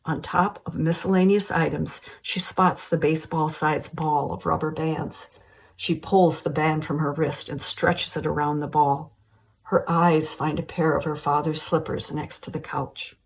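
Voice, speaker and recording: Low-voiced woman reading a screenplay. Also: poor audio. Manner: steady, matter-of-fact delivery of scene directions. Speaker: screenplay reader.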